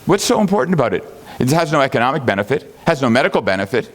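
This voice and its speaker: A man giving an animated teaching talk to a congregation, firing off rhetorical questions, chuckling at his own asides and acting out the people he quotes. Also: mid-range voice, rapid-fire, hardly any pauses. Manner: acts out quoted people in raised voices. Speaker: Bible teacher.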